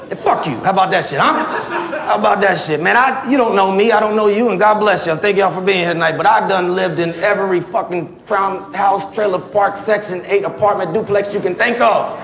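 Man in his 40s from Virginia, high voice, profane stand-up, booming in a roomy club over loud crowd laughter. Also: fairly quick. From Tidewater, Virginia, USA. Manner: brash, profane, punchy with loud outbursts. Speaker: stand-up comedian, military veteran. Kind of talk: stand-up comedy set. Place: comedy club stage. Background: crowd laughing and clapping.

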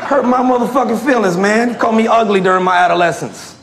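High-voiced profane comedian in echoey club. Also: male voice, fast talker, few pauses. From Virginia, US. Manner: profane, loud bursts, laughing through punchlines. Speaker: stand-up comedian and military veteran. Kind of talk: stand-up comedy set. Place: comedy club stage before a live audience. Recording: echoey club with loud crowd laughter.

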